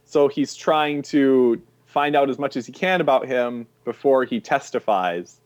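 A man co-hosting a podcast, retelling film scenes in a lively way and laughing often. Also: medium pitch, measured pace, highs cut off. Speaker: podcast co-host. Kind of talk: casual chat about a film.

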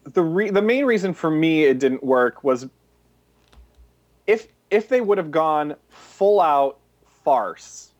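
A man's voice: on the high side, animated, slow, muffled recording. A man co-hosting a podcast, chatting casually about a movie, with a sarcastic edge and lots of "like" fillers. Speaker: podcast co-host. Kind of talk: casual movie review chat.

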